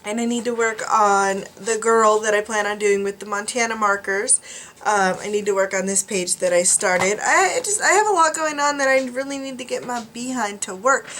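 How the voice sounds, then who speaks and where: A woman's voice: mid-range voice, normal speed, fairly bright tone, slight background noise. A drowsy woman vlogger rambling casually to her viewers, with many ums and restarts. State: tired, drowsy. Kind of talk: casual chat to camera. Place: home studio.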